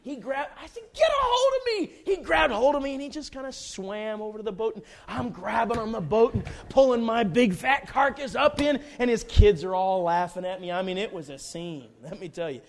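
A man preaching a sermon, telling a folksy, humorous personal story in an animated way. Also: sits high, fairly quick, creaky, hardly any pauses.

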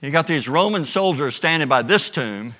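A preacher in full flow, bright and forceful in tone. His pitch rolls up and down as he acts out the story for his congregation. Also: normal speed. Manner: animated storytelling with acted voices. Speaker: pastor. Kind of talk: sermon.

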